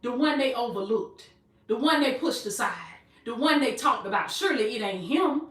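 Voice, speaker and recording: A woman's voice: on the high side, animated, moderate pace, echoey room, distant mic. A woman preaching a motivational sermon, repeating her phrases and calling listeners baby.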